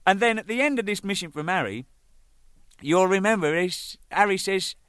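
A man's voice: sits high, moderate pace, clean tone, dry recording, studio quality. A man telling a rambling, swearing anecdote about his band. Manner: rambling, swearing, laughing, acting out shouted quotes. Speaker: band drummer telling stories. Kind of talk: casual storytelling monologue.

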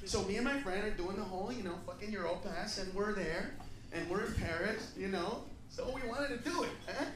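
A man's voice: high-pitched, fairly quick, recorded from a distance. Brash, profane stand-up comedian man. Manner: brash, profane, bursts into shouting. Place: comedy club stage. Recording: echoey club from afar, loud crowd.

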